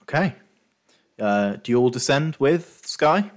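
A man running a tabletop game as game master, narrating scenes with frequent ums and pauses. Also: mid-range voice, lively intonation. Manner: hesitant, lots of ums while describing.

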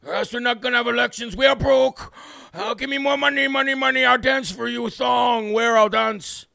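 A man voicing a whiny little man begging for money, in a mocking, wheedling, half-shouted way. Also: extremely high pitch, steady tone, moderate pace, vocal fry, dry recording, studio quality, exaggerated voice.

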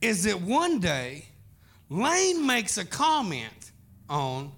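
A man's voice: high-pitched, wildly swooping pitch, very slow, fairly bright tone. A man preaching a sermon, telling a folksy story as pastor.

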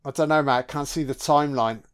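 A man's voice: on the high side, steady tone, fast talker, a bit bright, clean tone. A man giving a casual film commentary, sweary, sarcastic and mocking.

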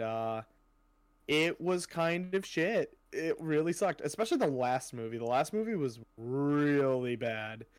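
Rambling young man, slightly high voice. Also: dry recording. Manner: rambling, swears casually, many fillers. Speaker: podcast co-host. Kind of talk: casual chat.

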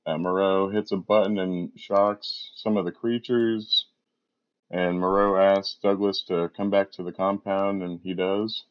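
A man's voice: low-pitched, little pitch movement, measured pace, smooth, lo-fi sound. A man co-hosting a podcast, recapping a film plot in a plain, matter-of-fact way. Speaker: podcast co-host.

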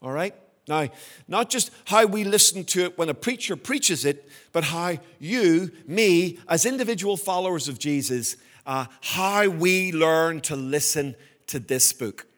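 A man preaching to his congregation in a slightly higher-pitched voice. He sounds earnest and emphatic, and he slows right down to stress the words that matter. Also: lively intonation, a bit bright. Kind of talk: sermon.

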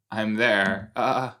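Podcast host, male, from LA, rambling and giggly, slow unhurried pace. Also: on the low side, sharp tone. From Los Angeles area. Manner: giggly, rambling, self-mocking. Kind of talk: rewatch reaction commentary.

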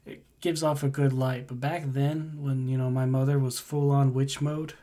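A young man with a dark, mellow voice looks back on an old memory in casual chat. He speaks in a relaxed, reflective way with a few fillers. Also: medium pitch, moderate pace.

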